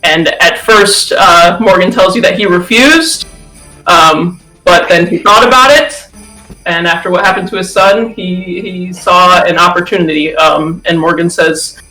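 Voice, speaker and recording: A man's voice: high-pitched, measured pace, bright, forceful tone, faint music behind, low-quality recording. A man narrating as game master of a tabletop game, chatty and laughing, with many fillers.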